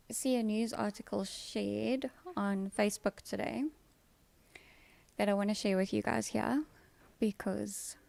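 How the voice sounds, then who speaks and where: A woman's voice: medium pitch, gravelly, a little mellow, no echo. A South African woman chatting casually on a live stream from home, answering viewers by name with dry sarcasm. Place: at home, kids' TV in another room.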